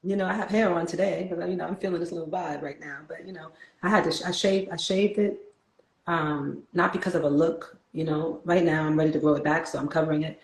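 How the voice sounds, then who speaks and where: A woman's voice: deep voice, steady tone, fast, roomy sound, low-quality recording. A woman from New York with a New York accent hosting a casual spiritual talk, playful, laughing often and turning reflective.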